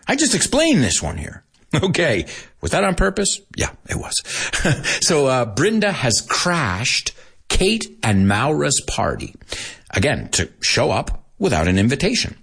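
A man's voice: mid-range voice, creaky, fairly bright tone, slightly rough. A man teaching English as a language lesson, explaining words in Spanish and switching back and forth between the two languages.

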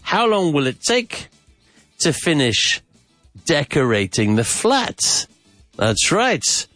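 A man's voice: on the high side, very animated, slow, fairly bright tone, no room sound, soft background music. A man hosting a podcast grammar lesson, repeating phrases, drilling questions and dropping in Spanish asides with enthusiasm. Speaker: English teacher and podcast host.

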